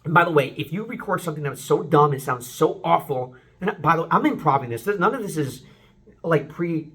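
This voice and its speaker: A man giving a casual, unscripted songwriting lesson to camera, excitable and rambling, breaking into short sung examples. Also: fairly high pitch, fairly quick. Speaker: vocal coach.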